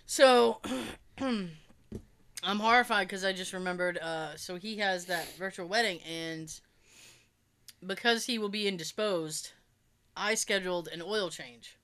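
A woman's voice: on the low side, a little slow, a bit bright. A woman co-hosting a podcast, telling everyday stories in casual chat, with an occasional cough. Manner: chatty storyteller, acts out quoted voices. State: coughing now and then. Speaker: podcast co-host.

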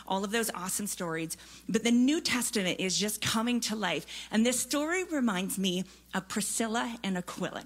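A woman preaching a sermon, telling a story in a lively, conversational way with casual fillers. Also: on the high side.

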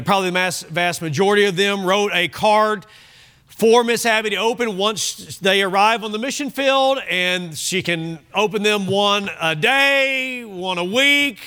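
Bright high-voiced man preaching. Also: clean tone. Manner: emphatic, repeats key phrases. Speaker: pastor. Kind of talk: sermon.

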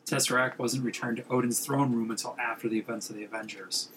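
Man, co-host. Bright, forceful tone, insistent in argument, faint noise floor. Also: mid-range voice, fairly even intonation, fast talker, low-quality recording. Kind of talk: casual chat.

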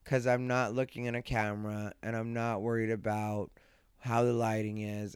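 A man hosting a solo podcast at night, rambling in a laid-back way, sleepy and yawning, with a slight lisp, talking from a dark room at home. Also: lowish voice, smooth, no room sound, studio quality. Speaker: podcast host and comedian. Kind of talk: casual solo podcast monologue. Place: dark room at home, lying beside his dog.

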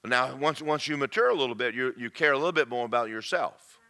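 A man preaching a sermon to a congregation, swinging between loud shouts and quiet, confiding asides. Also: mid-range voice, fast talker.

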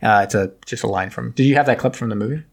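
A man's voice: mid-range voice, creaky, slightly rough. A man casually recapping an old war film, acting out the characters' lines as he goes. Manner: retells scenes, acting out characters' lines in quick asides. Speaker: podcast co-host recapping a film. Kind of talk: casual chat.

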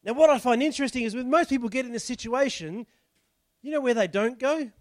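High-voiced pastor preaching. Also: male voice, fairly quick, no room sound. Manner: chatty, explains the text and asks the congregation rhetorical questions. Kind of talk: conversational sermon.

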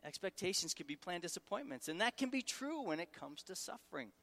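A middle-aged Syracuse, New York man preaches as a guest, very animated and fairly quick, joking with the crowd and engaging it through questions. His voice is slightly high, bright and forceful, and a large hall's long reverb trails each phrase.

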